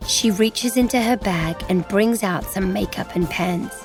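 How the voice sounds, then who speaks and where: A woman reading a children's storybook aloud, gently and expressively in a child's voice of narration. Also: medium pitch, a little slow, soft background music.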